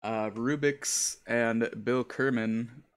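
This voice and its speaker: A man commentating a sim race at an unhurried, drawn-out pace, his voice sitting at an ordinary middle pitch. He jokes with his co-host and laughs easily, and often trips over drivers' names. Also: fairly even intonation, a little hiss or hum. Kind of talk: live sim racing commentary.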